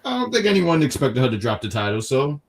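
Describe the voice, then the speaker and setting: A man co-hosting a casual wrestling review stream, talking in quick restarts and reading chat comments aloud. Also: medium pitch, sing-song. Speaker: wrestling review show co-host.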